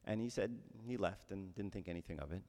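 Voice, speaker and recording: A man's voice: low-pitched, fast talker, darkish tone, long reverb tail. A man giving a conversational homily as a priest, often checking in with his listeners with "right?".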